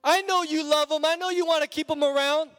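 Man preaching, high voice, emphatic and repetitive, long hall reverb, faint music. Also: steady tone, fairly quick. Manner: emphatic, repetitive, rising to shouts. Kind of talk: sermon. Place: church sanctuary.

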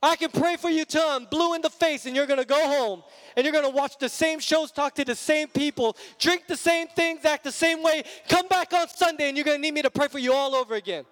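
A male preacher delivering an emphatic, repetitive sermon that builds to shouts. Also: extremely high pitch, a little fast. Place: church sanctuary. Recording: long church reverb with music.

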